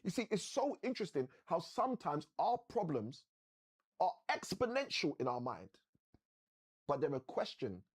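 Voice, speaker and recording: Guy hosting a live motivational stream, kinda husky, sermon vibes, a bit higher voice. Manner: animated, preacher-like storytelling with dramatic slow emphasis. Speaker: host of a live session.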